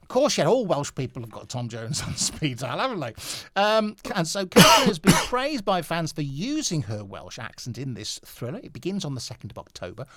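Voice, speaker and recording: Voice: mid-range voice, huge pitch swings, fairly quick, a bit bright, dry recording, clean studio sound. A radio host chatting casually on air, laughing often and restarting sentences.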